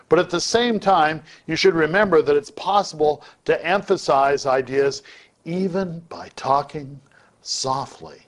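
A man teaching public speaking in a lecture, deliberately shifting his volume and pace to show each point. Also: a little high.

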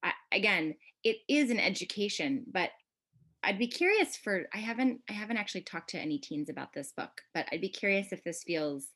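A woman, a podcast guest, talking eagerly about a novel in casual conversation, thinking aloud with restarts and sometimes reading passages softly. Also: mid-range voice, lively intonation, fairly quick. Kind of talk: casual book discussion.

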